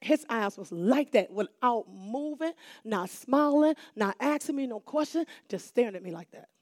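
A middle-aged woman telling a lively, dramatic testimony to a church audience. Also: on the high side, moderate pace, no room sound, clean studio sound. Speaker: church speaker giving a testimony. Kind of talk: animated testimony storytelling.

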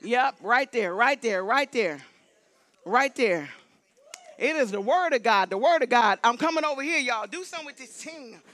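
A woman preaching a lively sermon in church, repeating emphatic exhortations to her congregation. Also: fairly high pitch, moderate pace. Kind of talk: lively sermon with holy laughter. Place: church sanctuary.

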